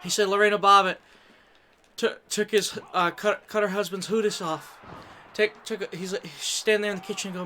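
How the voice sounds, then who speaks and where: A man with a high, bright voice tells rambling, crude stories while playing a game with friends. He talks casually, stumbling and restarting, and laughs at his own punchlines. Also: steady tone, a little fast, slight background noise. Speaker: gaming streamer. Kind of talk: casual gaming banter and storytelling.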